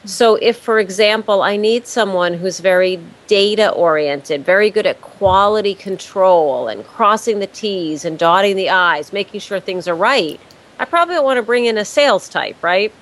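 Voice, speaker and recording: A woman's voice: medium pitch, animated, normal speed, rough recording. Woman consultant explaining step by step. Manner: emphatic, repeats key words. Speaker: business consultant. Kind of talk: interview answers.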